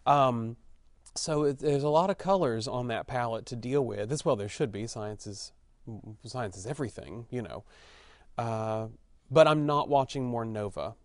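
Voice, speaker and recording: A man's voice: mid-range voice, animated, moderate pace, dry recording, clean studio sound. A man in his thirties with a slight Texan accent, answering interview questions in a frank, chatty way, thinking aloud with fillers and restarts. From Texas. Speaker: actor being interviewed.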